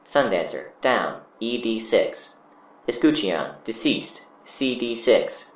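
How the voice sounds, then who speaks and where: A man voicing a flat computer device that reads out alerts in a slow, robotic way. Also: on the low side, reverberant, pitched above the performer's own voice. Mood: mechanical.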